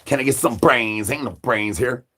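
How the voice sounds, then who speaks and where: Husky man rambling as a hungry zombie. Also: medium pitch, moderate pace, bright, forceful tone. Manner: repetitive sing-song catchphrases, crude jokes. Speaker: livestream host. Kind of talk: rambling livestream banter in a hungry zombie persona.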